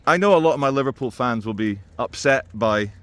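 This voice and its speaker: A man talking through his opinions in a casual, animated monologue to camera. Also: mid-range voice, a little fast, dry recording. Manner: conversational and animated, with quoted impressions. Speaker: video commentator.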